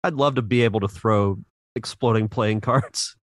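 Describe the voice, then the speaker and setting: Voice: mid-range voice, moderate pace, no room sound, studio quality. A podcast co-host making wry, playful remarks in casual commentary.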